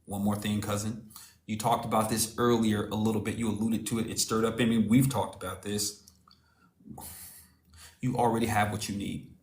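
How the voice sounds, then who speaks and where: A man with a low voice preaching in a casual, slangy way and telling stories to make his point. He calls the listener cousin, and his voice echoes around the room. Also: level tone, moderate pace, pauses often. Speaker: motivational speaker. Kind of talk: casual motivational talk.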